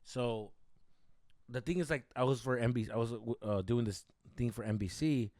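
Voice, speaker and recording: Young male podcast co-host, mid-pitched, casual and profane, dry studio mic. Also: normal speed, no echo. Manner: profane, animated, rambling with many fillers. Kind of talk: casual storytelling chat.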